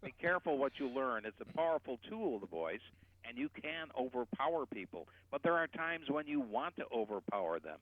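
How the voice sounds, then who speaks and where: A man explaining voice technique as a guest voice coach, animated and shifting his loudness to demonstrate. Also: mid-range voice, fairly quick. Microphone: telephone. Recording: tinny phone line.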